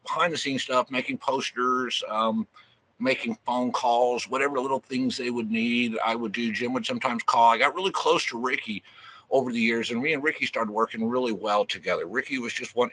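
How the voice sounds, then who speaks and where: A man in his fifties from Missouri, telling stories as an interview guest in a rambling way, with many restarts and drawn-out fillers. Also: medium pitch, sharp tone, a little hiss or hum, low-quality recording. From Missouri, USA. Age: 50s. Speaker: record label guest. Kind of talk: casual interview storytelling.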